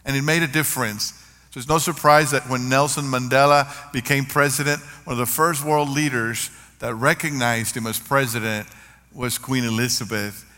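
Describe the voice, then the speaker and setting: Older male pastor, bright voice. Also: mid-range voice, fairly even intonation, normal speed. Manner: earnest, varied emphasis, storytelling. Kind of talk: sermon. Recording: long reverb of a large hall.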